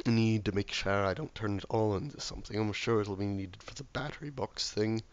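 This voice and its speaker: A hoarse, ill man talking himself through a game, often muttering softly or near a whisper. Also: lowish voice, a little fast, highs cut off. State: hoarse from illness. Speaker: gameplay video maker. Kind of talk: relaxed gameplay commentary.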